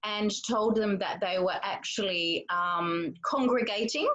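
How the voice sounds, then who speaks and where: A woman's voice: medium pitch, measured pace, a bit bright, rough recording. A woman from Western Australia asking a question on a webinar, speaking hesitantly with frequent fillers. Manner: hesitant, lots of ums and uhs.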